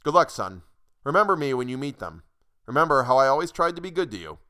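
A man's voice: mid-range voice, sing-song, fast, bright, forceful tone, clean tone, pitched above the performer's own voice. A man voicing an effusive, fatherly older boss who apologizes over and over. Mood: soothing. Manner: effusive, apologetic, repeats himself.

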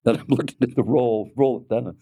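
A man's voice: mid-range voice, brisk, mellow, no echo. A man in his eighties who coaches speakers, telling a story in a keynote talk and speaking straight to the listener. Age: 80s.

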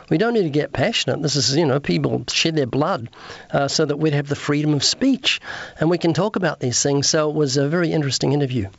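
A man's voice: on the high side, lively intonation, brisk, creaky, no room sound, lo-fi sound. Earnest man retelling street conversations. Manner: earnest, retells street conversations with quoted dialogue, repeats words. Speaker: evangelist and author guest. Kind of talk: interview storytelling.

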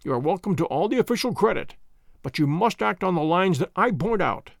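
A man voicing a calm, wry detective who speaks in a measured, commanding way. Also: high voice, no echo, studio quality. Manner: measured, crisp, quietly amused.

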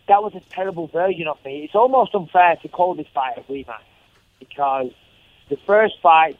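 A man's voice: on the high side, no echo. A man, a fighter calling in for a casual interview, swearing freely and joking in an upbeat way. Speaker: fighter guest on the phone. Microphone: phone. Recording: tinny phone line.

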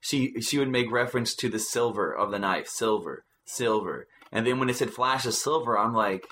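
A man co-hosting a book podcast in casual chat, animated as he acts out his reactions. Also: medium pitch, moderate pace, slight background noise. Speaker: podcast co-host.

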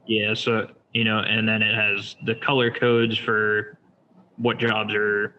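A man walking someone through his shop's job software in a relaxed, step-by-step way with many fillers. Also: fairly low pitch, slow, muffled recording, a little hiss or hum. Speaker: shop owner demonstrating software. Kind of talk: casual screen-share demo.

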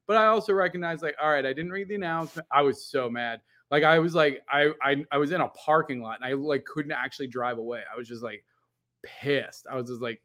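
Male podcast co-host with a slightly raised voice, rambling and animated, swears casually. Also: on the high side, fast. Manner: animated, rambling storyteller with lots of "like". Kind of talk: casual chat.

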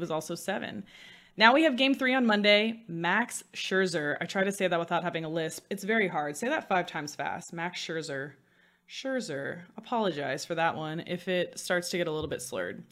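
Woman podcast host, mid-pitched, chatty and sarcastic, solo studio show. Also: a bit bright. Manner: chatty and self-mocking, with dry sarcasm. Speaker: sports betting podcast host.

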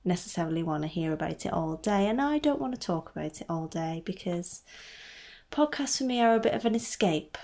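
A woman's voice: fairly low pitch, lively intonation, brisk, vocal fry, darkish tone. A woman hosting a casual knitting podcast, chatting in a rambling way with lots of asides. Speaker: podcast host. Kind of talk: casual solo podcast chat. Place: home in Scotland.

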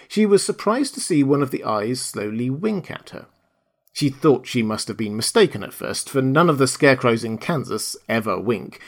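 A man narrating a classic children's tale in a calm, measured reading. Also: mid-range voice. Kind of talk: storybook narration.

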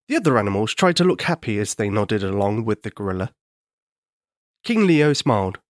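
A man narrating a children's story in a gentle, expressive way. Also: on the low side, a little fast, no room sound, clean studio sound.

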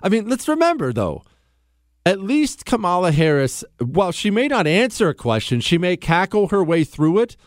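Animated sarcastic radio host man. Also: sits high, normal speed, no echo, studio quality. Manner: sarcastic, animated, mocking impressions. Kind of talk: opinionated talk radio monologue. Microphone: studio microphone.

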